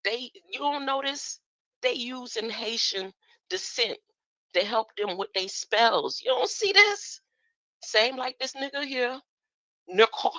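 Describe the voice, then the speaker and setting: Woman streamer, expressive rises and falls, dry close sound. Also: fairly high pitch, unhurried, no echo, rough recording. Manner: animated, rhetorical "huh?" asides, laughs often. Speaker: streamer commenting on videos. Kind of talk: casual commentary.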